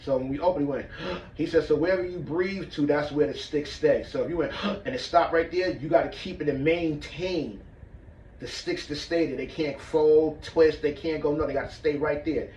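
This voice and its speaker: A man's voice: on the high side, normal speed, a little mellow, slight background noise. A man teaching martial arts breathing, casual and checking in with his listeners as he demonstrates. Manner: casual, demonstrates as he talks, checks in with "all right?". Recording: echoey room, mic far off, muffled.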